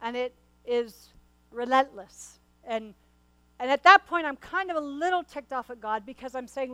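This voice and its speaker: Earnest high-voiced woman pastor preaching. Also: animated, moderate pace, sharp tone, clean tone, no room sound, low-quality recording. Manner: earnest and conversational, often repeating and restarting words; speaks to the congregation directly. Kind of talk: sermon with a personal story.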